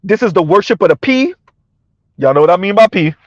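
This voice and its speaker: A man's voice: high-pitched, expressive, brisk, no echo, lo-fi sound. A man giving a combative, sarcastic opinion rant to his viewers, repeating his points and laughing between them. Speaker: commentary vlogger.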